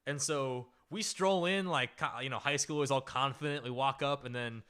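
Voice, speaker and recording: A man hosting a comedy podcast, telling a story in a loose, animated way with lots of "like" and "right?". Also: medium pitch, moderate pace, clear, resonant tone. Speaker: podcast host.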